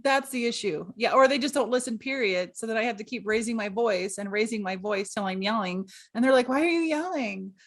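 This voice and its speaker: A woman's voice: mid-range voice, a little fast, few pauses. A woman co-hosting a casual podcast chat, tired and laughing at herself as she talks about her kids. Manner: laughing, tired, self-mocking. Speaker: co-host.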